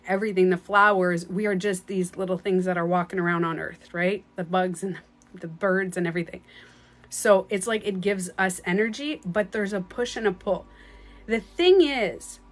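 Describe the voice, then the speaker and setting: A woman's voice: mid-range voice, fairly bright tone. Chatty woman with a French accent. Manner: chatty, rambling, laughs often. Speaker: spiritual coach. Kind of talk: casual live-stream talk. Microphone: phone.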